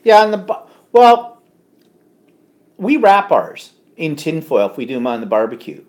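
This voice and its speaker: A man's voice: fairly high pitch, big pitch swings, moderate pace, darkish tone. Man, live-stream co-host at home, chatty, reads viewer comments, casual. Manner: chatty, reads comments aloud, frequent ums.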